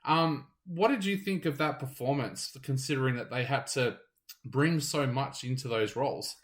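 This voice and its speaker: A man's voice: mid-range voice, normal speed. A man, a theatre reviewer, chatting casually and enthusiastically about a stage show, sometimes correcting himself.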